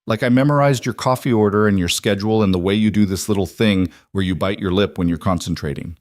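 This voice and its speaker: A man's voice: lowish voice, fast, a little mellow, dry recording, studio quality, lightly acted. A man voicing a shy, tender young secretary. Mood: tearful confession. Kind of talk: audiobook romance narration.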